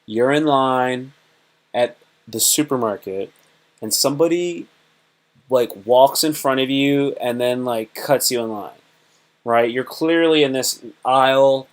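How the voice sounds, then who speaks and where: A man with a medium-pitched voice speaks slowly as the host of a casual livestream monologue about self-improvement. He rambles and repeats himself, often acting out little dialogues.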